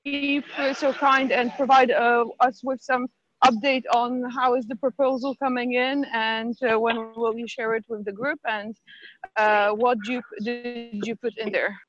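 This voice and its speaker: A woman's voice: on the high side, flat delivery, unhurried. A woman moderating an online meeting, polite and full of small fillers, speaking over a video call. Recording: dry, muffled call audio.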